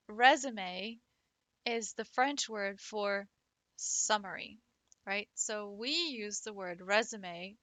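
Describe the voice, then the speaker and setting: A woman's voice: medium pitch, sharp tone, no room sound. A woman who teaches French, chatting casually on a livestream, giggling often and swearing offhandedly. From United States.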